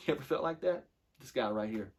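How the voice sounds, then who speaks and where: A man in his thirties, a pastor giving a short devotional sermon in an earnest, conversational way, slowing down to read scripture. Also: medium pitch. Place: church.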